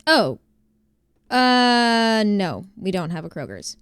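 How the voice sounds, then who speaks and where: A young woman from New Jersey chats with her stream viewers in a loose, rambling way, full of "like"s and tangents. Her voice sits at an ordinary middle pitch and is recorded close and dry. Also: very animated, slow, fairly bright tone, smooth, dry recording. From New Jersey, USA. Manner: chatty, rambling with many fillers. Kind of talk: casual chat reading viewer messages.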